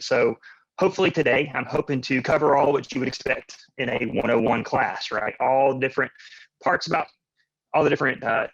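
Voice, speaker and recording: A man's voice: medium pitch, a bit bright, dull audio. Man lecturing over choppy video call. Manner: loose and rambling, often ending with "right?". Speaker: guest presenter, engineer. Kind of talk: lecture opening.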